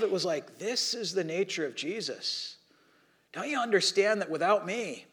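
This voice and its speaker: A man preaching a sermon in a conversational, animated way, acting out the people he quotes. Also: high voice. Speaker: pastor.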